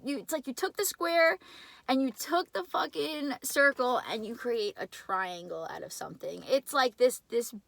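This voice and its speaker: Excitable woman reading tarot cards. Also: on the high side, creaky. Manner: excitable, chatty, many filler words. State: shaky and nervous. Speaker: tarot reader.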